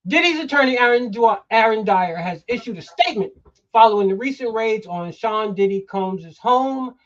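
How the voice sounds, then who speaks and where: A man's voice: sits high, animated, moderate pace, highs cut off. A middle-aged man hosting a political talk show, heated and emphatic, swearing now and then. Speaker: host.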